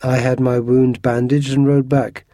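A man voicing a modest, soft-spoken male musketeer who speaks gravely, in a storybook reading. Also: mid-range voice, level tone, measured pace, no room sound, studio quality, voice pushed up, natural voice. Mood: calm.

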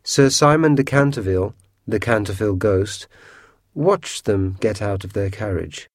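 A man narrating a storybook chapter with steady, clear storytelling. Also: lowish voice, moderate pace, dry recording, studio quality. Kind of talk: storybook reading.

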